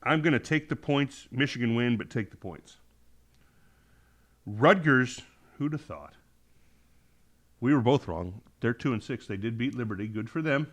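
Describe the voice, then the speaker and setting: A man co-hosts a relaxed sports podcast, fighting off hiccups as he breaks down games in a thoughtful, rambling way, often correcting himself. His voice is medium-pitched and animated, a little slow, with frequent pauses.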